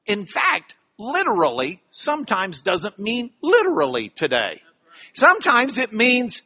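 A man lectures his class in a high, bright voice. He talks with emphatic energy and often restarts his phrases as he explains. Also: measured pace. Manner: animated, emphatic, with frequent restarts. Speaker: Bible class teacher.

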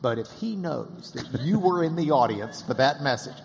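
Man telling a lively story in a reverberant hall. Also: a little high, moderate pace, vocal fry. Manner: animated, acts out quoted voices, laughs often. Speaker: interviewer and storyteller. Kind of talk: casual anecdotal storytelling.

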